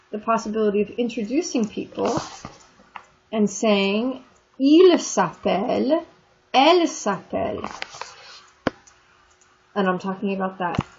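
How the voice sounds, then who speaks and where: A woman teaching a French class in a recorded online lesson, explaining in a chatty way and stretching out the French words. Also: mid-range voice. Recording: dull lo-fi screen recording with faint noise.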